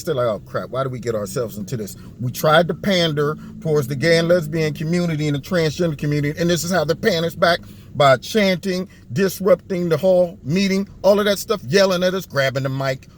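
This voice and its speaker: A man delivers sarcastic commentary on a clip, talking straight to his viewers. His voice sits a little high, with a faint hiss behind it. He keeps mocking the people in the clip and sometimes drops into a low put-on voice to act out what they must be thinking. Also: brisk. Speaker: political commentary vlogger.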